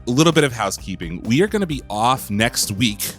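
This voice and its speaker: A man's voice: mid-range voice, big pitch swings, a little fast, fairly bright tone, faint music behind. A man co-hosting a film podcast in casual chat, friendly and jokey. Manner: friendly, jokey, some restarts. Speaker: podcast co-host.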